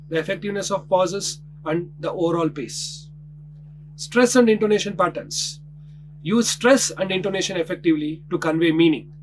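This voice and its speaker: A man narrating a scripted lesson in a measured way, announcing each heading before explaining it. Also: high voice, slight background noise, poor audio. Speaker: instructor.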